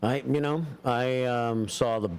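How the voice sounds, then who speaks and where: A middle-aged man hosting a morning radio show, chatting casually with fillers and pauses. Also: mid-range voice, a little hiss or hum. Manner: relaxed, halting with fillers.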